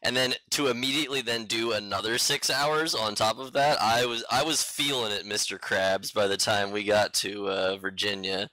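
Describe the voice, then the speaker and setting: A man's voice: fairly low pitch, fairly even intonation, normal speed, few pauses, bright, forceful tone, a little hiss or hum, low-quality recording. A man chatting casually on a podcast, adding dry, wry remarks. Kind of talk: casual chat.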